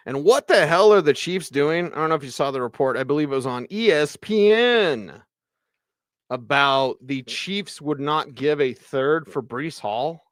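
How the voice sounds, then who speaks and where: A man hosting a postgame sports radio show, ranting with animated exasperation and sarcastic asides. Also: fairly high pitch, a little slow, no room sound, studio quality. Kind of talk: postgame sports talk monologue.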